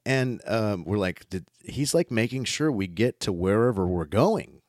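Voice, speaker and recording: A man telling a story in casual chat, animated and swearing often, acting out what others said. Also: on the low side, measured pace, no room sound, studio quality.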